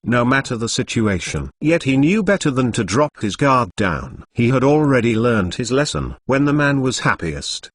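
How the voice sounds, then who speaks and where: A man narrating a web novel as an audiobook in a steady storytelling read. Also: medium pitch, dry recording, clean studio sound.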